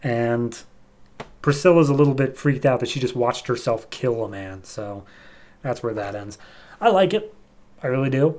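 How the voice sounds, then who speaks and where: A man in the host chair talks through a comic issue in a relaxed, rambling way, full of "like" and "um". He bumps his voice up to act out the characters' lines. His speaking voice sits at an ordinary middle pitch. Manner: chatty, loose with lots of "like" and "um", voices quoted characters with raised pitch. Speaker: podcast host. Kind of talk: casual comic-book recap.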